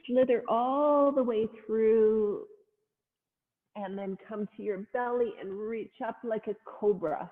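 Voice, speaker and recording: A woman leading a family yoga class, cueing poses gently and playfully with little animal sounds. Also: fairly high pitch, takes it slowly. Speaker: yoga instructor. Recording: phone-like sound in a long-echo room.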